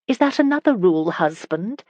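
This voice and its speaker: A woman's voice: mid-range voice, animated, unhurried, no room sound, pitched above the performer's own voice. A woman voicing a playful young medieval bride who teases her husband. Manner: teasing, playful.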